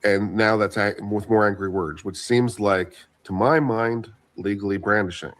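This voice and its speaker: A man on a discussion panel, reasoning aloud in a measured way. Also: on the low side, fairly even intonation, fairly bright tone. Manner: measured, reasons aloud, hedges his opinion.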